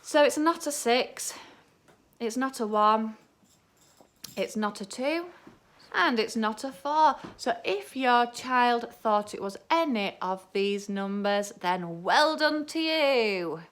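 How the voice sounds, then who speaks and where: Slow, clear-speaking woman teacher. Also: a little high, lively intonation, a bit bright. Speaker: early years teacher. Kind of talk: home maths lesson for young children. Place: at home.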